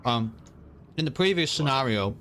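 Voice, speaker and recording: A man at a middle pitch guides his players through an online tabletop session. He explains things patiently and at length, pausing often on filler words. Faint background hiss sits under his voice. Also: animated. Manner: patient, explanatory, many "um"s and restarts. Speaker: game master. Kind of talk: running an online tabletop game.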